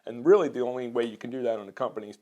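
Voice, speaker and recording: A business co-owner from Maryland talking earnestly as an interview guest, measured and a little halting. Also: male voice, medium pitch, darkish tone. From Maryland, USA. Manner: measured, earnest, repeats words when restarting. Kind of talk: conversational interview.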